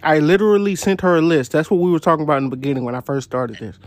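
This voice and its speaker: A young man hosting a casual podcast, telling profane stories into a phone voice memo app and jumping up high when he quotes people. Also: racing, darkish tone, dry recording. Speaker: podcast host. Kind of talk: casual chat, storytelling.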